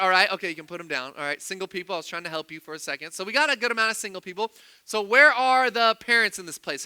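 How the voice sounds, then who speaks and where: A man's voice: high-pitched, pushed and bright, clean tone, no echo. A young man preaching a sermon, chatty and quizzing his congregation with questions. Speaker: pastor.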